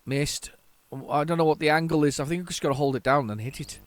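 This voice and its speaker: A man hosting a retro gaming channel, giving chatty, excitable gameplay commentary with jokey, self-mocking asides to his viewers. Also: a little high, fast talker, no room sound. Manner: excitable, chatty, talks to viewers while playing.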